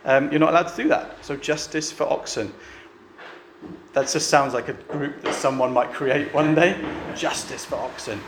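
A man's voice: on the high side, normal speed, a little hiss or hum. A man preaching a sermon to a church meeting in a chatty way, often asking the room rhetorical questions. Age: adult with a family. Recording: echoey room with faint ambience.

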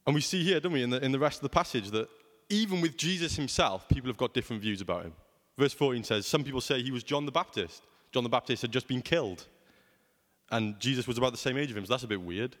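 A man's voice: mid-range voice, lively intonation, quick pace, a bit bright, in a large hall. A young man preaching a sermon in a conversational way, often asking rhetorical questions.

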